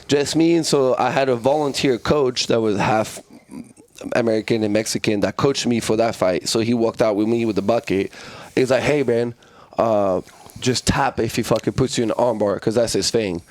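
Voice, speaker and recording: A man's voice: mid-range voice, normal speed, dry recording. A man from France in his thirties, telling fight stories casually on a podcast with lots of swearing. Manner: profane, animated storytelling. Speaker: guest, fighter. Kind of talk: casual storytelling.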